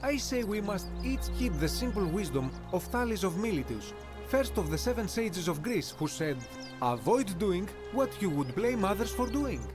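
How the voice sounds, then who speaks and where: A man's voice: high-pitched, sing-song, moderate pace. A man voicing a well-travelled, courteous male Greek merchant in a video game, speaking in a formal, flowery and polite way. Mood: earnest. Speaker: game character. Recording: game audio over background music.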